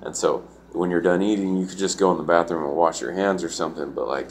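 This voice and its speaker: Low-voiced man rambling through a story. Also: fairly even intonation, quick pace, slight background noise. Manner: rambling, full of "like" and profanity. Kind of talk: casual storytelling.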